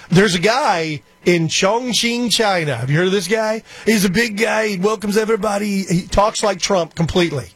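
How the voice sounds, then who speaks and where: A man hosting a radio talk show, delivering a rambling, opinionated casual monologue full of quick asides. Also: sits high, breathy edge, dry recording.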